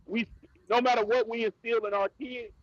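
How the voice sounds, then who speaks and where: Middle-aged Detroit man, rapper guest, emphatic and loose, high voice, dry muffled sound. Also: flat delivery, normal speed, no room sound. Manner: loose and emphatic, cusses, repeats "bro" and "you know what I'm saying". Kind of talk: casual interview chat.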